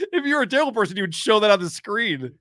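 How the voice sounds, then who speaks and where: Bright-voiced joking male host. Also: high-pitched, no room sound. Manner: joking, sarcastic narration. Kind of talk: casual commentary on police videos.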